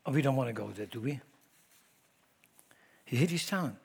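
A man preaching a sermon to his congregation, swinging between loud emphatic declarations and low asides, often repeating words and asking the room questions. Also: animated, moderate pace, gravelly, breathy edge. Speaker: pastor. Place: church.

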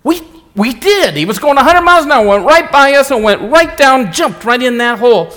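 A man doing a squeaky amazed hiker. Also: expressive, fairly quick, sharp tone, heavily acted. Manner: breathless, high-pitched exclaiming. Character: excited man who saw a goat. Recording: echoey church hall.

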